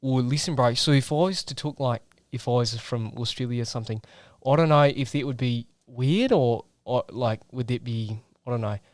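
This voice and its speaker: A man's voice: medium pitch, normal speed, few pauses, a little mellow, no room sound, clean studio sound. A man joking around in a casual podcast chat, laid-back and fond of saying "dude". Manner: jokey, laid-back, says "dude" a lot.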